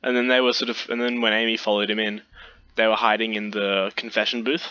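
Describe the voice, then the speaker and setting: Casual male host, low and sharp-toned, rambling chat. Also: level tone, a little fast, dull audio. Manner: rambling, many fillers.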